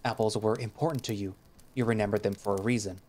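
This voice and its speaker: A man's voice: lowish voice, steady tone, fast, darkish tone, natural voice. A man voicing a formal, caring creature warrior. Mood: gentle. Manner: formal speech without contractions. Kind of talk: visual novel reading.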